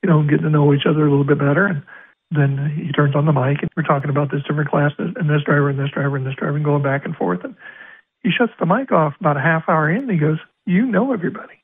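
A man's voice: a little high, fast, husky. An older man from Arizona, a racetrack announcer, telling stories in an interview and acting out the dialogue. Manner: animated storyteller acting out quoted dialogue. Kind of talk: storytelling interview. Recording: phone-like radio line.

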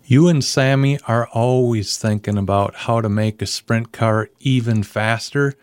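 A man hosting an interview, asking measured, prepared questions. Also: medium pitch, darkish tone, clean tone, no room sound, studio quality. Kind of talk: podcast interview.

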